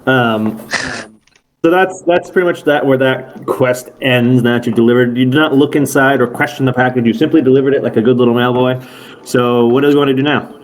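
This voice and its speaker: A man's voice: mid-range voice, a little fast. A man narrating as game master over an online call, casual and rambling, often correcting himself.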